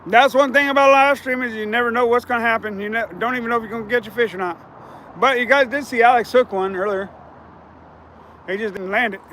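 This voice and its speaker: Hoarse chatty man, high voice. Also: fairly even intonation, fast talker, pushed and bright, a little hiss or hum. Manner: chatty, rambling, repeats himself. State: hoarse, scratchy throat. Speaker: fishing livestream host. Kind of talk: casual live-stream chat. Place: outdoors on a riverbank.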